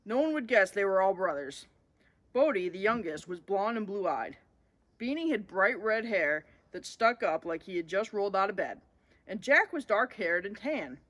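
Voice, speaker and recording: A woman reading a children's storybook aloud in an expressive way, as the show's host. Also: mid-range voice, normal speed.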